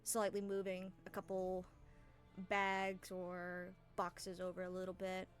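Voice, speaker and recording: A woman's voice: fairly low pitch, completely flat delivery, slow. Lady gm narrating a tabletop game, super casual and rambly, bit of music behind. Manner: casual, rambling, with fillers and laughs. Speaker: game master.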